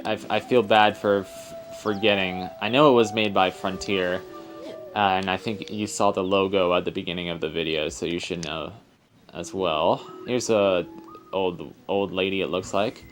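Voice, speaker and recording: A young man hosting a let's play, giving casual, rambling commentary and correcting himself as he goes. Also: on the low side.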